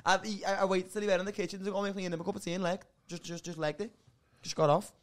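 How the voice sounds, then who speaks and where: Brief: higher-pitched bloke, rambling sweary storyteller, podcast co-host. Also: male voice, level tone, very fast. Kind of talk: casual comedy chat.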